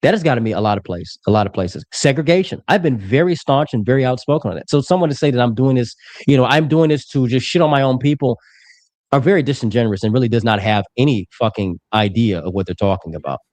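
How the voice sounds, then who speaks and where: A political commentator in his twenties, mid-range and slightly mellow-voiced, talks fast in a live-streamed debate with no echo. He argues heatedly, aggressive and profane, talking over the others.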